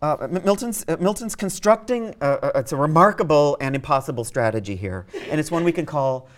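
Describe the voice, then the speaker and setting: A man lecturing on poetry to a university class, his pitch rising and falling freely. He thinks on his feet, stumbling into restarts and repeated words, then reads lines of verse aloud and sounds out their rhythm beat by beat. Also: expressive, brisk. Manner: reads verse aloud and taps out meter with spoken beats. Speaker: literature lecturer.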